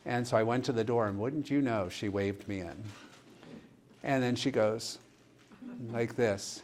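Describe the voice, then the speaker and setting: A male pastor telling a story in a church discussion, vivid and animated, acting out the dialogue he quotes. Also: mid-range voice, a little slow, pauses often, slight background noise.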